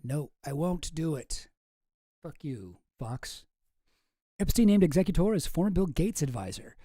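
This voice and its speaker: A man's voice: fairly high pitch, animated, measured pace, mellow, no room sound, studio quality. A man hosting a show, reading documents on screen in casual, profane, rambling commentary that mocks himself. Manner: profane, rambling, self-mocking. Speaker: show host.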